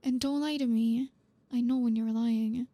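A woman voicing a blunt, reserved young woman who is gruff but caring, talking to the listener in an audio role-play in a halting, awkward way. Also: a little high, fairly even intonation, warm tone, no echo. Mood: awkward, tender. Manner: halting, awkward, stumbling over words.

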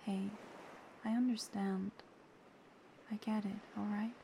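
A woman's voice: medium pitch, fairly even intonation, slow pace, creaky, a little hiss or hum. A woman playing a teasing, caring young friend. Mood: tender. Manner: teasing, then soft and soothing. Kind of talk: audio role-play.

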